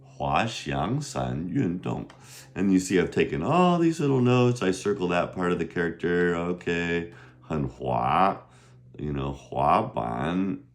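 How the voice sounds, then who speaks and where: A man teaching Mandarin vocabulary in a casual, patient way, slowly modeling each word's pronunciation with lively jumps in pitch. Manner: bursts of high pitch when modeling Chinese tones.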